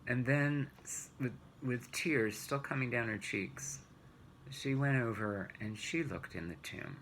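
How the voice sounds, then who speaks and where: Male children's Bible teacher, gentle storyteller, gravelly and slow-paced. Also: mid-range voice, a little hiss or hum, poor audio.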